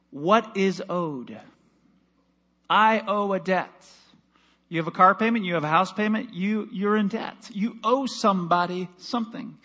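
A male pastor delivering a sermon, building to emphatic peaks and dropping to a hush, and reading scripture aloud with acted voices. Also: sits high. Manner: preaching with rising emphasis and dramatic drops to a hush.

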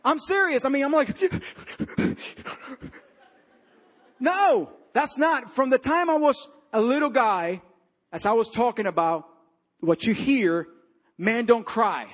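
High-voiced man preaching a sermon. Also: moderate pace. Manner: storytelling preacher, swings from loud emphatic to low quiet. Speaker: pastor.

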